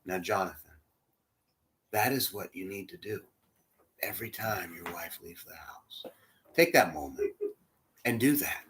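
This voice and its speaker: A man quoting a frail old mentor, hushed. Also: expressive, unhurried, pauses often, a little hiss or hum. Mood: tender. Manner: low, hushed, near whisper.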